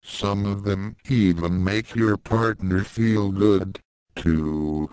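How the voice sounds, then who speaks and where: Brash, flirty female demon read by a man, low slow delivery. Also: darkish tone, smooth, dry recording, low-quality recording. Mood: playful.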